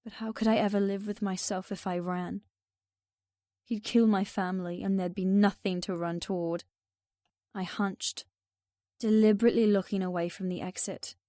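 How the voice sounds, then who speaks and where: Mellow-voiced woman narrating an audiobook. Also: medium pitch, steady tone, moderate pace, no echo, studio quality. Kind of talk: first-person audiobook narration.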